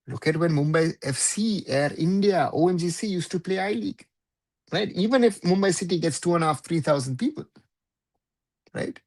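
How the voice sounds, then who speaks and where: A man's voice: high-pitched, fairly quick. A man hosting a live football talk show, giving opinionated commentary in a conversational way and often checking in with "right?".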